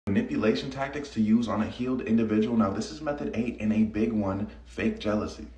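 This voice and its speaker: A cocky man rattles through a casual advice monologue at a fast clip, slipping into personal stories. He sits a little back from the mic in an echoey room. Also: fairly low pitch, warm tone, distant mic. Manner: cocky, conversational, storytelling.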